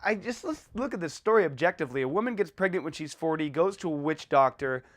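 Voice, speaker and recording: A man hosting a podcast in a casual monologue, animated and blunt, acting out little exchanges as he talks. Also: fairly high pitch, fast. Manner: animated, acts out little dialogues in a raised voice; blunt and irreverent. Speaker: podcast host.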